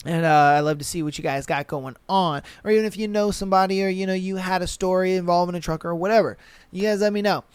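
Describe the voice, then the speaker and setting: Young male podcaster from the western US: high, clean voice, dry close mic, loose profane storytelling. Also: fast, smooth, dry recording. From western United States. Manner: loose and profane, acts out animals and drivers in shouted voices. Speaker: podcast host. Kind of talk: casual solo podcast chat, reading and reacting to stories.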